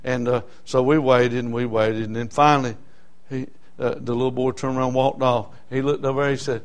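A middle-aged man preaches briskly, his medium-pitched voice smooth and level in tone. He tells homespun stories, stalls often on "uh, uh," and builds toward loud emphasis.

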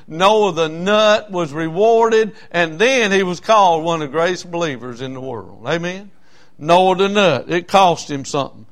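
A man's voice: high voice, fairly bright tone. A man pastor, preaching a sermon in church, emphatic and repetitive with frequent fillers.

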